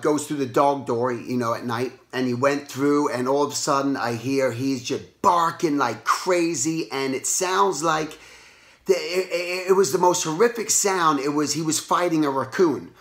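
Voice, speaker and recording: A hoarse man who has lost his voice, hosting a casual motivational talk and rambling with lots of restarts. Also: a little high. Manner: rambling, animated, restarts often. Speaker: artist and show host. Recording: roomy echo.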